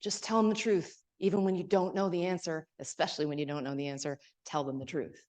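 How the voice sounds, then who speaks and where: A woman impersonating a folksy older male politician, loud and emphatic, in a live talk. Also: deep voice, little pitch movement, fast, close to an everyday voice. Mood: hearty.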